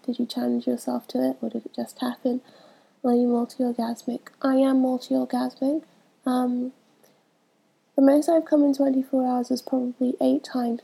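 Young woman, stuffy from a cold, casual hesitant chat, fairly high voice, gravelly. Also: warm tone, rough recording. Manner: hesitant, many ums, laughs between answers. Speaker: vlogger answering a questionnaire.

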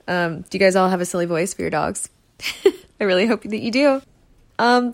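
A woman with a slightly low voice talks casually to her listeners from her bed, close to the mic. She rambles, teases herself, and laughs easily. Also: fast. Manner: rambling, self-deprecating, laughs often. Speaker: comfort audio creator. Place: bedroom, on her bed with her dogs.

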